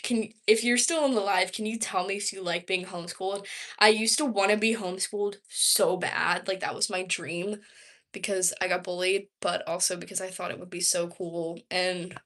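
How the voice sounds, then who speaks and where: A woman's voice: medium pitch, fairly bright tone. A young woman from Georgia in the United States, rambling casually at home on a livestream, answering viewer questions with lots of "like". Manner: rambling and chatty, heavy use of "like". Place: her home.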